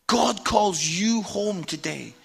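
A Scottish man preaching a sermon to a congregation, telling stories casually with tag questions and swinging between hushed and loud delivery. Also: high voice, takes it slowly, gravelly, breathy edge. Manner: conversational storytelling, tag questions like "yeah?". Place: church hall with audience.

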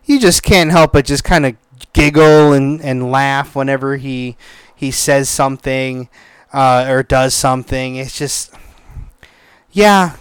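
A man giving a casual spoken movie review, excitable and profane, with lots of restarts. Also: medium pitch, smooth, no echo.

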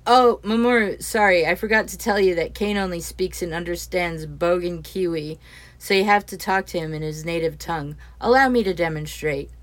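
A woman voicing a brash, rowdy young man who talks loudly and teases his friends. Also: on the low side, normal speed, lightly acted. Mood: teasing. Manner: loud, boisterous, teasing.

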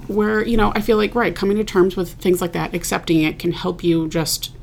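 Gravelly low-voiced woman podcast host. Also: level tone, fairly quick, darkish tone. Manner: chatty, many fillers, agreeable. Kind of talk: casual chat.

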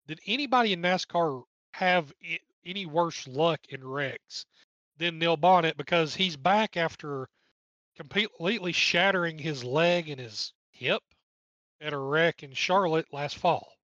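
A podcast co-host with an East Tennessee accent chats wryly through a recap of an old race, cracking jokes between lists of drivers. His voice is a little high and a bit bright, and he speaks unhurriedly; the recording has no echo but the highs are cut off.

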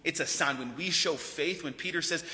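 A man preaching with a sharp, bright, ringing voice, pitched a little above the usual male range. His delivery is casual and animated, with a joking streak. A long hall reverb trails behind every phrase. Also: moderate pace, faint music behind. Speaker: pastor. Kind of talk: sermon.

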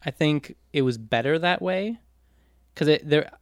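A man's voice: fairly high pitch, animated, a little slow, no echo. A man as a podcast guest in casual chat, joking dryly at his own expense. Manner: dry, self-mocking jokes.

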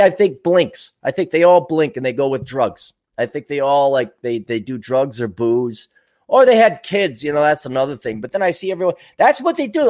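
A man's voice: a little high, darkish tone. A man hosting his show, talking in a casual, digressive monologue, laughing often and swearing freely. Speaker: show host.

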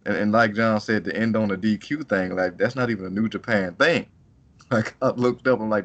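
A man's voice: lowish voice, steady tone, a little fast, dull audio. A man co-hosting a casual wrestling chat, rambling loosely and laughing as he talks. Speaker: podcast co-host.

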